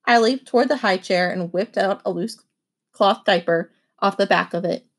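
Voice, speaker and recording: A woman reading a children's novel aloud with expressive first-person narration. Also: mid-range voice, moderate pace. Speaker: audiobook reader.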